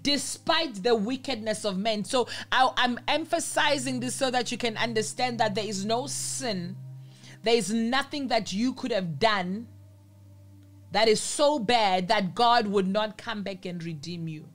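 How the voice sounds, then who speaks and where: A woman's voice: fairly high pitch, a little slow, soft background music. A woman preaching a sermon in an earnest manner, repeating phrases for emphasis.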